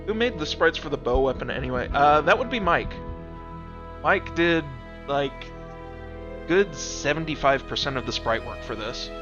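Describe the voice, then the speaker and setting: A man's voice: on the high side, animated, normal speed, muffled recording, over music. A man who made the game, chatting casually on a stream and explaining its levels, with plenty of fillers. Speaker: game developer hosting a stream.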